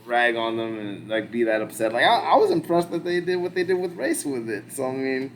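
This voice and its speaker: A man's voice: mid-range voice, animated, a little fast, low-quality recording. A young man talking casually as a podcast host, rambling with lots of fillers and the odd curse word. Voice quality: rambling, full of fillers and swearing. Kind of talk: casual chat.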